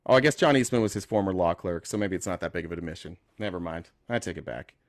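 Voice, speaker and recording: A man hosting a live call-in political talk show, speaking casually, joking and thinking out loud as he reads the news. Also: low-pitched, fast, dry recording, studio quality. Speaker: host.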